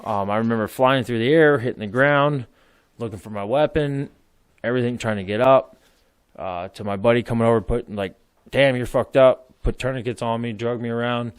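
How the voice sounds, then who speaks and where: With a clear, resonant, medium-pitched voice and a brisk pace, a man in his thirties swaps war stories as a podcast guest. The veteran rambles, laughs, and swears freely in casual storytelling, with no room sound.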